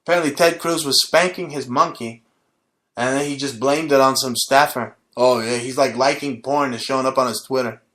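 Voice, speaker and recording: A man's voice: mid-range voice, steady tone, fairly quick, fairly bright tone. A man hosting his own show, delivering a profane, rambling comedic rant. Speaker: host. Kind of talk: ranting comedic monologue.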